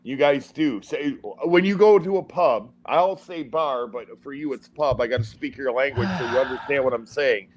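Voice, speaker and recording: A man's voice: mid-range voice, moderate pace, few pauses, a little hiss or hum. A man on a casual stream, teasing and provoking his friends and laughing at his own jokes. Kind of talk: casual banter.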